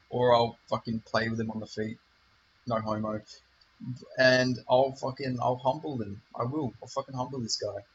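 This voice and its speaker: A man's voice: mid-range voice, a bit bright, a little hiss or hum. A man hosting his own channel, ranting with heavy swearing and rambling asides. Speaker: channel host. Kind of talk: profane rant to camera. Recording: dull lo-fi recording.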